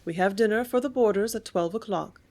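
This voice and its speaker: A woman reading an audiobook, voicing a proper, fussy mother who corrects her daughter and hushes her. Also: mid-range voice, brisk, natural voice. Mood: instructing. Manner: hushing, correcting.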